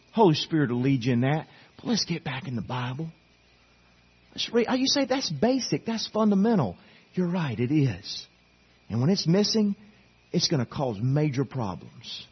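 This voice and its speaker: With lively intonation at normal speed, a middle-aged man preaches to his church as pastor, pleading earnestly and urging them again and again. His voice is on the high side with a breathy edge, and the sanctuary recording has its highs cut off.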